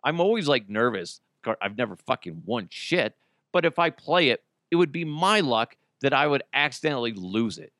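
A man's voice: medium pitch, sing-song, normal speed, a bit bright, no echo, clean studio sound. A man hosting a podcast, talking casually in a crude, jokey way and slipping into mocking voices. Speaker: podcast host. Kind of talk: casual solo podcast rant.

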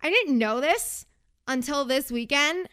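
A woman's voice: high voice, animated, a little slow, a bit bright. A young woman hosting a casual podcast, chatty and sarcastic, going off on tangents while recapping a reality show. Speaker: podcast host.

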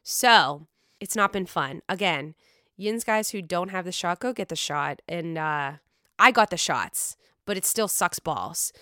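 A podcast host with a Pittsburgh accent chats casually, gushing excitably and swearing freely. Being sick drops her voice lower than usual, though it remains bright and smooth. She speaks unhurriedly, recorded close and dry with no echo.

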